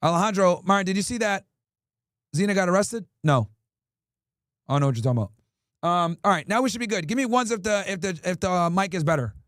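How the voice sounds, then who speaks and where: A man's voice: high voice, lively intonation, fast talker, long pauses, fairly bright tone, dry recording, clean studio sound. A man hosting a livestream in casual talk, profane and ranting as he answers his chat. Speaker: streamer host.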